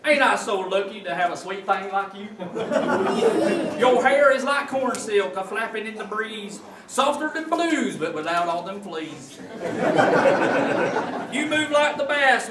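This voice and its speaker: High-voiced folksy church comedian. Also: male voice, expressive, takes it slowly, a loud crowd. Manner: folksy hillbilly drawl. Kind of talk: comic storytelling in character. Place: church sanctuary. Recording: echoey church, distant mic, noisy.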